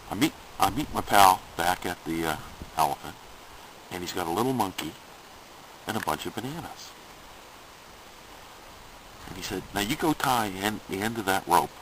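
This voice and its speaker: A man's voice: sits low, fairly bright tone, a little hiss or hum, rough recording. A man telling a long joke in a rambling, chatty way, chuckling at his own story. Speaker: joke teller. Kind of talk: casual spoken joke storytelling.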